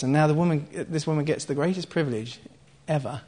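Speaking a little fast in a fairly high voice, a man preaches by retelling and explaining a scripture passage line by line. His teaching style is conversational, with asides to the congregation and soft laughs.

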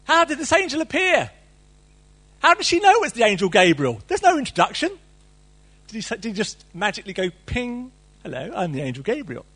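Male preacher, middle-aged, husky, lively sermon delivery with playful asides. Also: extremely high pitch, brisk, long pauses. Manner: reads scripture then riffs animatedly, playful asides.

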